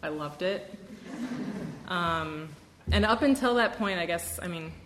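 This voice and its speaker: A woman's voice: on the low side, measured pace, reverberant, noisy background. A young woman from Wisconsin giving a candid, self-deprecating personal testimony at a recovery meeting, with a lot of fillers and laughter.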